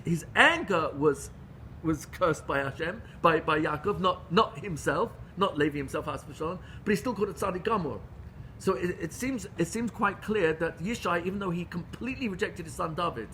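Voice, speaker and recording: High, bright English teacher man. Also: slight background noise. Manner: earnest, with many restarts and Hebrew terms. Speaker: rabbi teaching a class. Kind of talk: Torah class.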